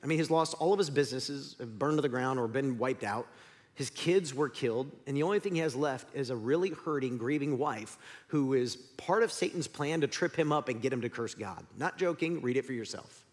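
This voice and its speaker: Animated, self-mocking pastor. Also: male voice, medium pitch, fairly quick. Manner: candid, self-deprecating storyteller. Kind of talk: sermon. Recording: long hall reverb.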